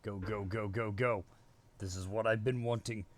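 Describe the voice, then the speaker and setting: A man's voice: on the low side, steady tone, normal speed, background noise. A male streamer chatting casually while playing a video game live. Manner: casual, chatty, talks to himself. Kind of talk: live gameplay commentary.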